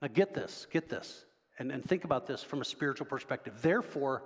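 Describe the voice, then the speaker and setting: A man's voice: mid-range voice, lively intonation, a little fast, breathy edge, long reverb tail. A man preaching a sermon as pastor, talking conversationally and quizzing the congregation. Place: church sanctuary.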